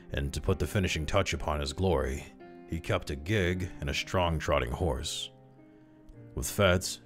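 A man reads a classic horror story in a measured, steady narration. His voice sits extremely low. Soft music plays faintly underneath. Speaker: audiobook reader.

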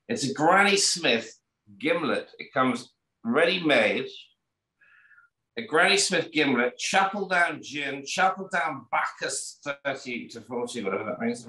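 A man's voice: medium pitch, sharp tone, roomy sound, rough recording. A man co-hosting a casual show, offhand and swearing casually. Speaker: podcast co-host. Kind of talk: casual chat.

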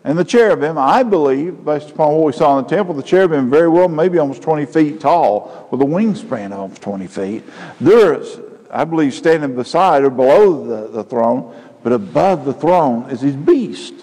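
A male pastor preaching a sermon, building to loud emphatic peaks. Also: on the high side, animated, normal speed. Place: church sanctuary. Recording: church hall with long reverb.

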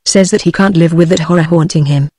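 A woman's text-to-speech voice with a British English accent, reading a classic story aloud in an even, unhurried way. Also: fairly low pitch, husky, no room sound. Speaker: audiobook narrator.

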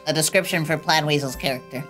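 A woman's voice: low-pitched, fast talker, over music. A woman player in a tabletop game, casual and playful.

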